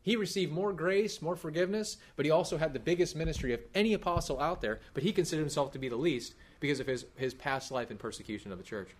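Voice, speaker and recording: Preaching in a church hall, a pastor in his thirties talks fast with hardly any pauses in a voice on the high side. He's conversational and animated, regularly asking the congregation questions.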